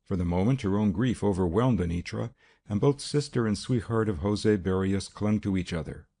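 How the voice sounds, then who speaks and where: A man narrating a mystery audiobook in a steady, even reading. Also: lowish voice, normal speed. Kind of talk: scripted narration.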